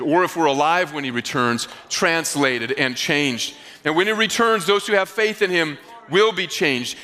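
A man from the Northeastern United States preaching a sermon as pastor, animated and telling stories with acted-out dialogue. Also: sits high.

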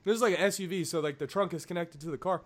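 A young man with a high voice tells friends a funny story at a very fast clip in casual chat. He acts out the quotes in raised voices and laughs along the way.

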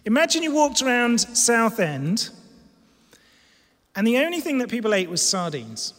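A preacher delivering a sermon with emphatic, animated energy. His voice is high, and he drops to a hush to drive points home. The church hall leaves a long reverb tail. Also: moderate pace. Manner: animated, emphatic, swings from loud to hushed.

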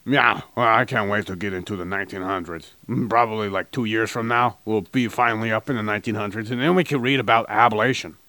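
A man's voice: lowish voice, steady tone, quick pace, hardly any pauses, sharp tone, dry recording. A man co-hosting a crude comedy podcast, rambling and joking, sometimes slipping into a mock advertiser voice. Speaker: podcast co-host.

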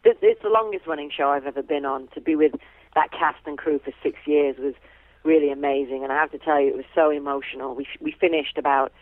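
A woman actress chatting as a guest, warm and chatty with lots of fillers and easy laughs. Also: deep voice, quick pace, no room sound. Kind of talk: casual phone interview. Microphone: telephone. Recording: tinny phone line.

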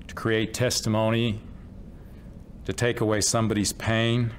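Deliberate man giving a sermon. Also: on the low side, slight background noise. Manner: slow, deliberate, emphatic reading of scripture. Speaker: religious speaker. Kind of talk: devotional sermon.

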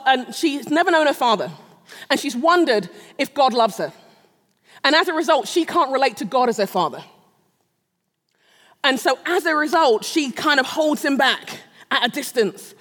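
In a big hall with long, echoing reverb, a middle-aged woman at a Christian gathering shares a personal story in her sermon, laughing often and poking fun at herself. She has a high voice with a fairly bright tone.

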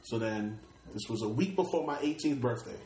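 This rapper, a middle-aged New Yorker from Brooklyn, spins interview stories loosely and streetwise, cursing without restraint and frequently restarting or repeating himself. He talks a little fast in a mid-range voice with a dark tone. It's a rough, reverberant recording with slight background noise.

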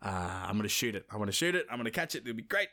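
A man's voice: medium pitch, lively intonation, very fast, bright, forceful tone. A man voicing a cocky young prince who speaks in an offhand, breezy way.

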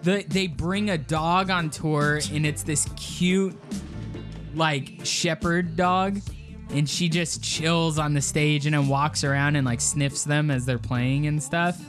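A man's voice: fairly high pitch, steady tone, slow pace, over music. A man co-hosting a podcast in casual banter, opinionated and enthusiastic as he chats about live shows. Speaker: podcast co-host guessing in the music game.

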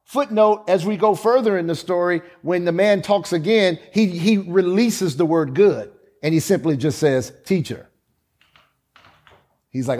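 Male preacher, high voice, emphatic sermon delivery with repetition. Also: animated, darkish tone. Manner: slow emphatic preaching with dramatic pauses and repetition.

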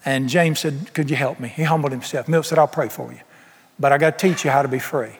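A man's voice: a little high, fairly even intonation, quick pace, slightly rough. A man preaching a sermon, telling stories in an emphatic, folksy way. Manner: storytelling, emphatic, Southern folksy phrasing. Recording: long hall reverb.

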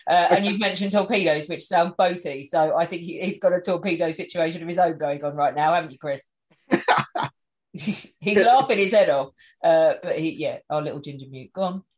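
A woman's voice: fairly low pitch, moderate pace, a little mellow. Teasing woman podcast host. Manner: teasing, joking. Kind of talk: casual podcast chat.

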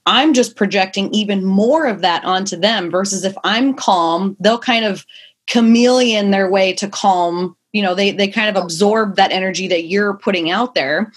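A woman's voice: mid-range voice, slightly rough. A young woman, a mother of two small children, talking candidly in a casual podcast chat, rambling and swearing now and then.

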